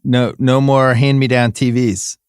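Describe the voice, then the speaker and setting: Middle-aged male host, mid-pitch, bantering about parenting with wry exasperation. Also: level tone, a little slow, smooth, no echo, clean studio sound. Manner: joking, exasperated parent stories. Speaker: podcast host. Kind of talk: casual chat.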